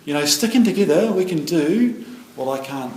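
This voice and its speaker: A man's voice: a little high, expressive, moderate pace, darkish tone, slight background noise. A middle-aged man giving a rambling, earnest personal share at a recovery meeting, leaning on "you know" throughout. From New Zealand. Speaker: AA meeting speaker. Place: meeting room. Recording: roomy meeting hall with faint ambience.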